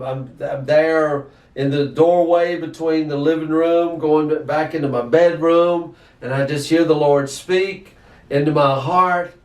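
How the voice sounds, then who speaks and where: A man preaching a sermon, animated and questioning, often repeating his words. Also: a little high. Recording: echoey, distant from mic.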